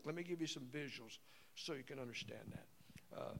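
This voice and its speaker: A man in his sixties gives a folksy, rambling seminar talk, acting out everyday scenes with different voices. He speaks at a moderate pace with a medium pitch, a bit of brightness, and some vocal fry.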